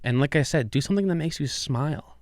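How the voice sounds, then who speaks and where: A man's voice: fairly high pitch, animated, fast, darkish tone, no room sound. A man hosting a casual podcast on a close mic, rambling and swearing casually with lots of restarts. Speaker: podcast host.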